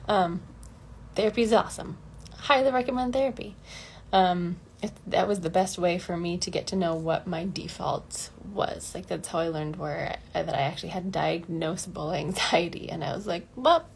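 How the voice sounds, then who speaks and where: A woman's voice: on the low side, creaky, darkish tone, a little hiss or hum. A woman vocal coach talking casually and candidly in a livestream lesson, laughing often and acting out the voices in her head.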